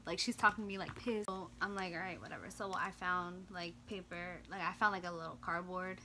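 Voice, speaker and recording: Young woman, bright voice, animated storytime vlogger, faint background hiss. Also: a little fast, hardly any pauses. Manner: animated, swings into loud high-pitched retellings of quoted lines; drops to quiet, low mumbling in reflective parts. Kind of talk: casual storytime.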